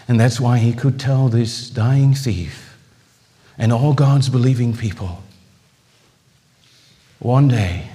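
A man preaching a sermon with passion, swinging between loud exclamations and hushed, drawn-out phrases, often repeating words as he builds. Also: medium pitch, steady tone. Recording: long hall reverb.

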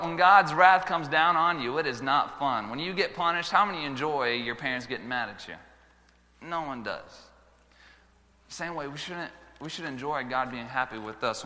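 A man preaching a sermon to schoolchildren, telling stories with lively swings between loud exclamations and quiet earnest moments. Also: a little high, long reverb tail. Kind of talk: sermon with storytelling.

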